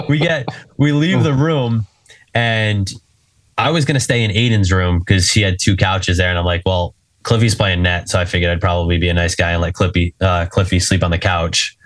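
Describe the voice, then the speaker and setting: A young man on a podcast, telling a casual story with lively voice jumps when quoting friends. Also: sits low, a little fast, dry recording. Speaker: podcast co-host.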